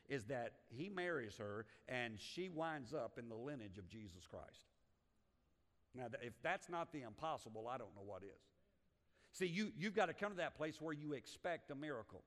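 A man's voice: mid-range voice, big pitch swings, moderate pace, long reverb tail. A man preaching a sermon as a pastor, talking emphatically with frequent restarts and building in volume.

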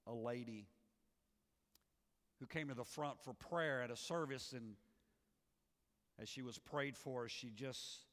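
A man's voice: medium pitch, takes it slowly, long pauses, a bit bright. A man preaching a sermon as pastor, telling a story earnestly and repeating phrases for weight. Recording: reverberant hall.

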